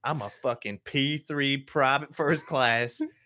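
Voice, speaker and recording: A young adult man hosting a podcast, telling a crude story with animated, profane energy and frequent laughter. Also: medium pitch, unhurried. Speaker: podcast host. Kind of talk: casual storytelling.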